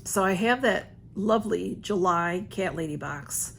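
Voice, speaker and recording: A woman's voice: on the low side, measured pace, fairly bright tone, a little hiss or hum. An older woman, chatting casually to her viewers as a channel host, rambling with frequent laughs and restarts.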